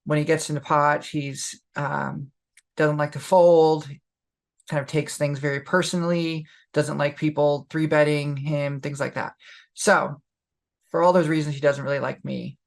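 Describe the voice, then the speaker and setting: A young woman with a gravelly edge to her voice tells a story on a podcast. She talks candidly and loosely, leaning on fillers as she goes. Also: low voice, steady tone, measured pace. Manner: candid, lots of fillers, laughs while telling. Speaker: podcast co-host. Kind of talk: casual storytelling.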